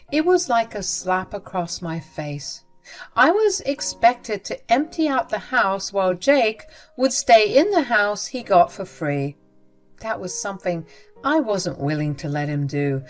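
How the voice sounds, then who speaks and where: A woman reading a first-person story aloud in a steady, measured way. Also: medium pitch. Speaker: story narrator. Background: faint background music.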